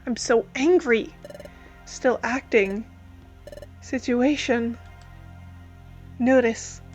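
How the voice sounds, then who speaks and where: A woman's voice: on the high side, drawn-out words, soft background music. A woman hosting a let's play, reading garbled game text aloud and joking about it. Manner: playful, joking, reads garbled lines deadpan.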